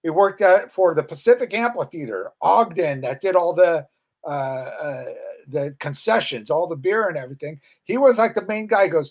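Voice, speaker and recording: High-voiced middle-aged man telling rowdy stories. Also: lively intonation, moderate pace. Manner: rambling and profane, acts out quoted voices. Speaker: guest, former metal band guitarist. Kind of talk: casual storytelling chat.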